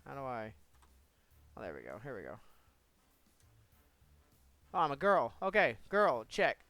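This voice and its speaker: A man's voice: medium pitch, huge pitch swings, measured pace, bright, forceful tone, no room sound. A young man giving casual, profane let's play commentary with joking, mumbled asides. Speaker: gamer.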